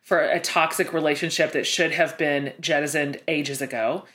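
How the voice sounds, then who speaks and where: A woman's voice: low voice, steady tone, normal speed, a bit bright. A middle-aged woman hosting a podcast, chatting casually and effusively, often self-deprecating. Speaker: podcast host. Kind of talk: casual interview chat.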